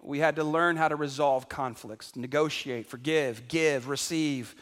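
High-voiced preacher in a reverberant hall. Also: male voice, measured pace. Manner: animated, calls out to the congregation; acts out household voices for laughs. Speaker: pastor. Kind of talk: sermon. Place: large church hall.

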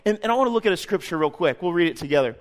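High-voiced man preaching with fervor. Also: expressive, rapid-fire. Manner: impassioned, swings from hushed to loud. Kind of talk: sermon.

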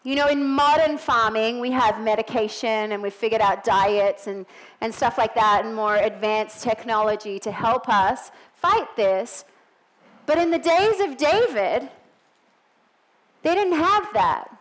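A woman's voice: a little high, a little slow, a bit bright, poor audio. A middle-aged woman with a non-American English accent, preaching a sermon in a church in a chatty way with joking asides.

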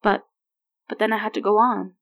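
Woman reading as a gentle grown woman, soft-spoken, hesitant, quiet, middling pitch. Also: flat delivery, normal speed, gravelly, close to an everyday voice.

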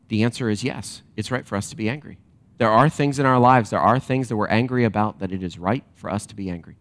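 A man preaching a sermon to a congregation, animated and emphatic, then dropping to quiet reflective questions. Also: medium pitch. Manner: direct address to a congregation with rhetorical questions. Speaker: pastor.

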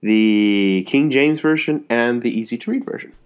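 A man's voice: medium pitch, moderate pace, smooth. Easygoing male podcast co-host. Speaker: podcast co-host reading scripture. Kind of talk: casual podcast chat and scripture reading.

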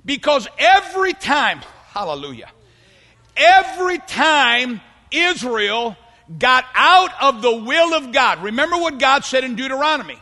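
A man preaching a fervent sermon to a congregation, often rising into shouts. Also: very high-pitched, very animated, unhurried. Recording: long hall reverb.

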